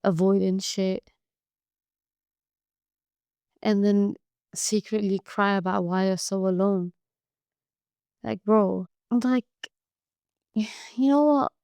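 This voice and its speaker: A woman hosts her own podcast in a blunt, profane monologue of tough love. Her voice carries a gravelly, creaky edge. The sound is dry and close, with no room around it. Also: mid-range voice, steady tone, slow pace, pauses often, darkish tone, dry recording. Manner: tough-love pep talk. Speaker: podcast host. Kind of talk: casual monologue.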